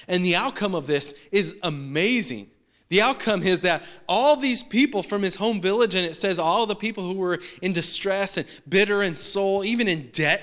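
A man's voice: sits high, fairly bright tone. Conversational man preaching a sermon. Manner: conversational, repeating and restarting phrases. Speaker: pastor.

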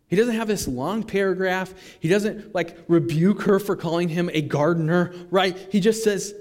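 A male pastor with a somewhat high voice preaches a sermon in a casual, animated way, often restarting his sentences. His voice trails off into the long reverb of a church sanctuary. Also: moderate pace.

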